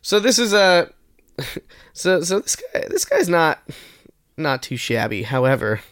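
A man's voice: on the high side, wildly swooping pitch, unhurried, fairly bright tone, no echo, clean studio sound. A man co-hosting a comedy podcast, chatting casually and rambling with giggles. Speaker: podcast co-host.

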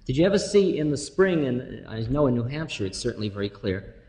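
A man's voice: medium pitch, big pitch swings, a little fast, mellow, long reverb tail. A man giving a storytelling talk, musing and wry, with playful asides and frequent laughter. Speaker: spiritual lecturer.

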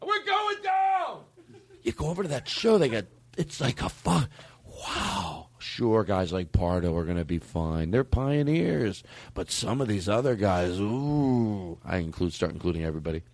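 A man's voice: deep voice, big pitch swings, darkish tone, dry recording. Rambling, profane male podcast host. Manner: rambling, profane, quick to laugh at himself. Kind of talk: casual comedy podcast banter.

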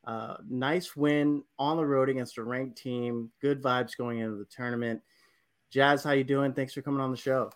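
A man's voice: medium pitch, steady tone. A man with a Texan accent hosting a podcast, enthusiastic and casual, with plenty of fillers. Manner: enthusiastic, filler-heavy, quick. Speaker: podcast host. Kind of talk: casual chat.

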